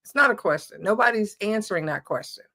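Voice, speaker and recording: A middle-aged woman from Ohio, a former basketball player telling stories as a guest in a casual interview, animated and laughing often. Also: medium pitch, fast talker, vocal fry. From Ohio, USA.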